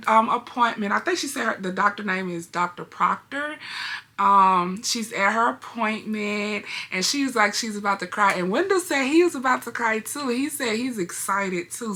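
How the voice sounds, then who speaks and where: A woman's voice: on the high side, animated, moderate pace, pushed and bright. A young adult woman hosting a reaction video, chatting casually to her viewers and laughing often.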